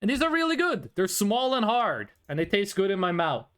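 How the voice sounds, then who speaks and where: Young norwegian guy on stream, rambly jokey chat, high voice that jumps around a lot. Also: sing-song, brisk, a bit bright, smooth. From Norway. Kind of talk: casual live-stream chat while gaming.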